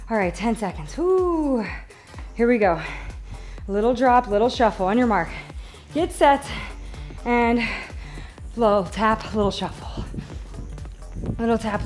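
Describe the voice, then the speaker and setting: A woman with a slightly high, slightly mellow voice is leading a live workout as a fitness instructor. She's upbeat and encouraging, counting reps as she grows out of breath.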